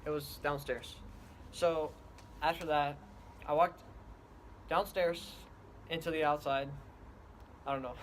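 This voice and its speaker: A man tells his part of the story in casual chat, pausing and restarting as he goes. His voice sits slightly high for a man. A faint hiss lies beneath. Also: steady tone. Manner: halting, plain recounting with restarts.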